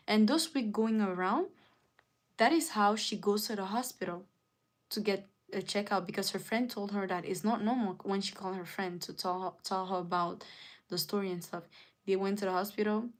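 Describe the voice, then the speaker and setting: A woman at an ordinary middle pitch, talking loosely to her live chat. She strings the story together with lots of "like" and "and then", and slips in quick lines for each side as she retells it. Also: fairly even intonation. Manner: rambling retelling, acts out both sides with "she's like". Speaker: streamer.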